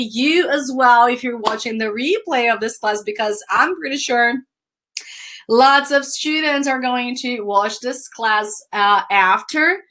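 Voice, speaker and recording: A woman's voice: a little high, bright, forceful tone. A young Brazilian woman with a Brazilian Portuguese accent, teaching English in a chatty, upbeat live online lesson. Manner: chatty, upbeat, laughs often.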